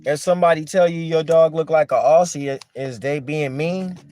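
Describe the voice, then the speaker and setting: A man's voice: fairly high pitch, steady tone, moderate pace, mellow, no room sound. A man speaking, talking conversationally, asking rhetorical questions and repeating his points. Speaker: dog breeder talking to camera. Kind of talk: casual monologue.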